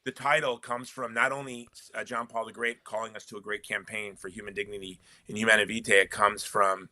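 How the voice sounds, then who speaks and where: A man being interviewed as a guest author, with a very bright, forceful voice recorded dry and close. He talks in an animated, emphatic way and often restarts his sentences. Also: fairly low pitch, a little fast, dry recording. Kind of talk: casual conversational interview.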